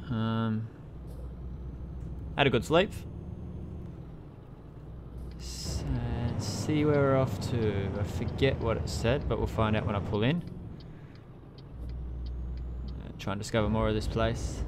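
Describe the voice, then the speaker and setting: Young male let's-player, relaxed unhurried commentary, salty language, steady game engine noise behind. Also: mid-range voice. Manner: chatty, swears often, talks to himself while driving. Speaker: let's play gamer. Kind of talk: casual gameplay commentary.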